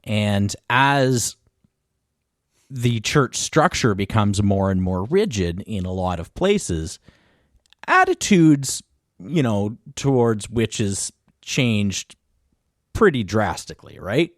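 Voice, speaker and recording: A man's voice: lowish voice, sing-song, slow pace, dry recording, clean studio sound. A man co-hosting a podcast, explaining history in a rambling casual chat full of asides. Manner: rambling, with many fillers and asides. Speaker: podcast co-host.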